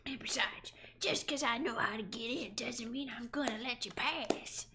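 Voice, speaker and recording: A woman voicing a greedy, cocky male guard in a game, reading aloud on a stream with a gruff put-on voice. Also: fairly high pitch, moderate pace, background noise, close to an everyday voice. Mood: smug. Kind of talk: game voice-over read on stream.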